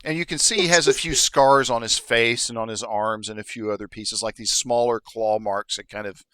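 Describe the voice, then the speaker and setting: Bright-voiced man running a tabletop game. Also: lowish voice, moderate pace, no echo. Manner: explanatory, with restarts. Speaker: dungeon master.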